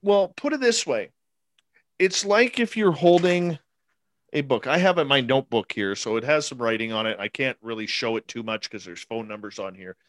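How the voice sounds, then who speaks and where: A man in his forties tells a personal story in an interview, stacking up emphatic repeated phrases and acting out what people said. His voice sits at an ordinary mid pitch. The recording is dry, with no room sound. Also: moderate pace, a bit bright, no room sound. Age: 40s. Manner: emphatic, repetitive, acts out quotes. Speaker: interviewee recounting an encounter.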